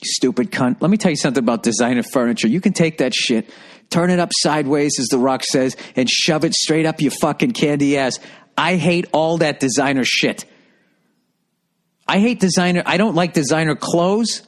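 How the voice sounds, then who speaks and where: A man's voice: a little high, moderate pace. A middle-aged man ranting profanely and sarcastically as a podcast host, reading out listener comments and firing back. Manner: reads listener comments aloud and answers them. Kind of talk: ranting monologue.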